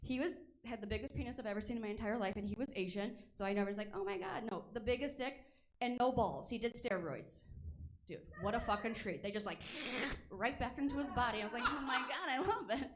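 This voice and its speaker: A woman's voice: mid-range voice, quick pace. A woman performing a stand-up comedy set on a comedy theater stage, brash, crude and self-deprecating.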